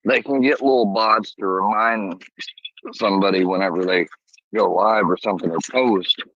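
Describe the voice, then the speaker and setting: Deep-voiced man rambling on a stream. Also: fairly even intonation, normal speed, a bit bright, dry recording. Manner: rambling, loose and conversational. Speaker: livestream host. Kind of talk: casual livestream chat. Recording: slightly dull lo-fi stream audio.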